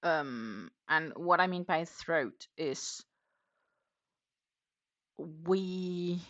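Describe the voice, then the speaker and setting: Lady with a low voice just chatting away on her crochet stream, kinda rambly. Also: fairly bright tone, muffled recording. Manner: chatty and rambling, thinks aloud while crocheting. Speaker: crochet livestream host. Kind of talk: casual livestream chat.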